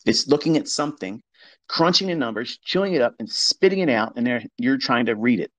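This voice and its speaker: A man's voice: medium pitch, expressive, a little fast, lo-fi sound. Blunt, cursing male market talker. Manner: blunt and profane, mocking the doubters he quotes. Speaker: trading educator hosting an audio space. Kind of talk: casual monologue. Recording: audio chat stream.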